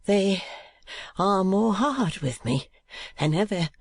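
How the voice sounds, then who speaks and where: A man's voice: very high-pitched, sing-song, drawn-out words, breathy edge, no room sound, pitched above the performer's own voice, exaggerated voice. A man voicing a timid, tearful, downtrodden young man of nineteen who pleads in a breaking half-whisper. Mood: pleading.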